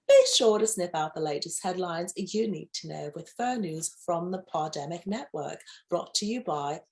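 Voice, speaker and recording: This pet news host is a woman speaking at a moderate pace with lively intonation. Between stories on her playful show, she drops campy, effusive asides and lets out sudden shrill squeals.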